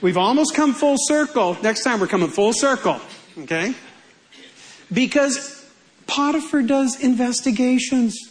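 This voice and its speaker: A man's voice: very high-pitched, expressive, measured pace, low-quality recording. A male pastor preaching a sermon in a humorous, conversational way.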